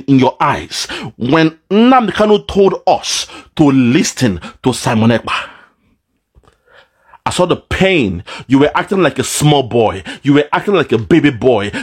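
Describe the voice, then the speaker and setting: Impassioned man. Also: breathy edge. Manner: dramatic, swings between shouting and low lament. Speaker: political commentator. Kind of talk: impassioned monologue.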